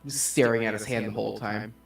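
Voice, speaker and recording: A male player in a casual tabletop game who gives slow, drawn-out descriptions. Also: on the low side, level tone, vocal fry, faint music behind. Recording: echoey room, distant mic.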